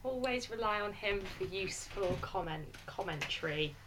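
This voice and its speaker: A woman's voice: medium pitch, animated, normal speed, background noise. A woman co-hosting a casual film podcast, teasing her partner and laughing often. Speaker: podcast co-host.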